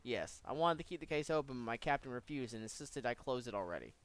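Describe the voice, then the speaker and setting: A man's voice: mid-range voice, lively intonation, fast talker, pitched below the performer's own voice, natural voice. Man reading as a plain-spoken young woman detective. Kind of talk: reading game dialogue aloud.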